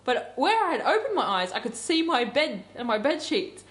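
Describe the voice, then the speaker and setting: A woman's voice: sits high, very animated, normal speed, a bit bright. A woman co-hosting a community radio show, telling stories casually with lots of ums and likes. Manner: chatty storyteller, recounting dreams with many ums and likes.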